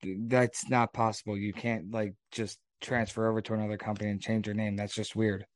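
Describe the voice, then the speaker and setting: A man's voice: fairly low pitch, level tone, a little fast, dry recording, studio quality. A man co-hosting a wrestling podcast, joking with sarcastic, mock-serious claims. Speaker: podcast co-host. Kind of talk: casual chat.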